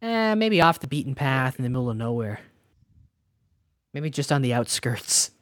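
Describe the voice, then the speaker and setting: A man's voice: medium pitch, moderate pace, dry recording, studio quality. A Canadian man co-hosting a podcast, chatting casually and joking with a friend. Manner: joking, animated. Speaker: podcast co-host. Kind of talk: casual chat.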